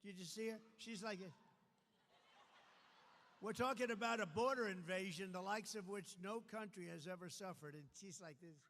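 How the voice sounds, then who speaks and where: Emphatic older man, gravelly, echoey hall. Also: high voice, normal speed. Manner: repetitive, emphatic, shouting at times. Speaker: political speaker. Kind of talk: rally speech.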